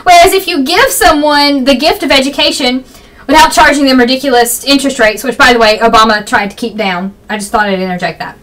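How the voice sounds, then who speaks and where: High, bright, fast-talking young woman vlogger. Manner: rapid, rambling, opinionated. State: slightly froggy voice. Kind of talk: fast casual political vlog. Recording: distant camera mic.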